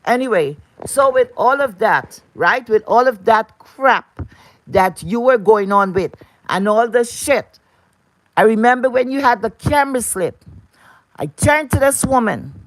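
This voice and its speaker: A woman's voice: on the high side, lively intonation, unhurried, dry recording. Woman, live streamer, profane rant, repeats herself, dry recording. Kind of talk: casual ranting livestream talk.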